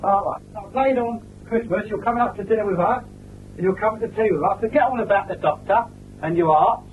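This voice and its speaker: A man's voice: high voice, fast talker. A man chatting jovially with family and friends, trading banter. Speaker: documentary subject. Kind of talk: casual chat. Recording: thin phone-like 1970s film sound with faint hiss.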